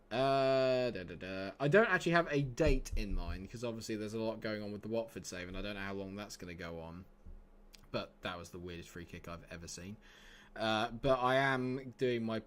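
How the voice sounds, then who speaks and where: A young man with a fairly low voice commentates his football management stream, bantering with the chat. He swings from joking asides to exasperated rants at his team. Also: a bit bright. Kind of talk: casual livestream commentary.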